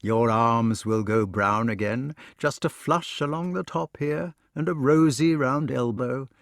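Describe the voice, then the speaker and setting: A man's voice: medium pitch, a little slow, a bit bright, no echo, clean studio sound. A man reading an audiobook, voicing an earnest, brooding knight who pleads with his love.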